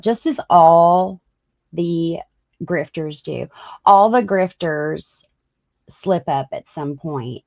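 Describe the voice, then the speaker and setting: A woman hosts a casual live stream in a low, gravelly voice, unhurried and full of ums and restarts as she answers her chat. The audio is dull and lo-fi. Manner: hesitant, many ums and restarts, talks to chat. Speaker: livestream host.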